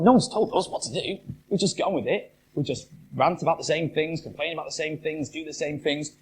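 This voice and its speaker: A man's voice: fairly high pitch, a little hiss or hum. A man giving a chatty live talk to an audience as a motivational speaker, often asking the room questions. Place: live event venue.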